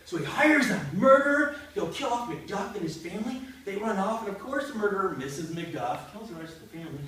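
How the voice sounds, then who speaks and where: Brief: high, bright-voiced man, lively comic storyteller playing to a class; echoey room, distant camera. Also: fairly quick, a little hiss or hum. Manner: animated, jumps between character voices, playful. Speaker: storyteller performing for a school class. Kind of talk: comic one-man retelling of a play. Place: school classroom.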